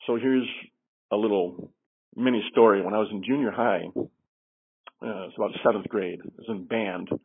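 A man's voice: lowish voice, normal speed, long pauses, husky. A middle-aged man, a safety trainer, explaining earnestly in a podcast interview, with fillers and restarts. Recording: tinny phone line.

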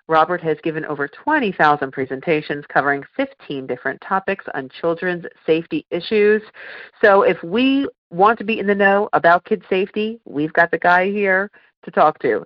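A woman's voice: lowish voice, moderate pace, no echo, highs cut off. A woman hosting an interview, introducing her guest and asking him questions attentively. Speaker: interview host.

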